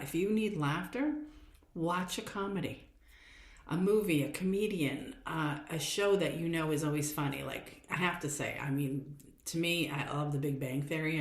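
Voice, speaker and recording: A woman hosting a podcast, giving chatty, encouraging motivational talk and repeating her phrases. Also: low-pitched. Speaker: podcast host and coach. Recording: echoey room.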